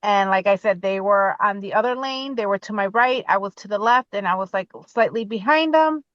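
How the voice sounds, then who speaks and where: A woman in her forties, a podcast guest talking from her car, telling her own story in an animated way and acting out what she said. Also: mid-range voice, a little fast, no echo, lo-fi sound.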